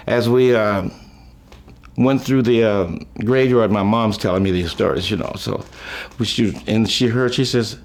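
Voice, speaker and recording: An older man reminiscing about his life, telling rambling, folksy stories with chuckles, trailing off and restarting, and lifting his voice high when he quotes people. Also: normal speed, a little mellow. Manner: raises his voice high when quoting others. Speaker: musician recalling his life. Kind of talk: rambling storytelling.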